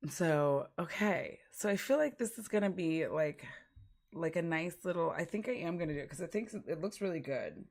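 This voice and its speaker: Woman streamer, low voice, vocal fry, rambling, giggly, casual chat. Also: animated, normal speed, a little mellow. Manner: rambling, giggly, full of fillers.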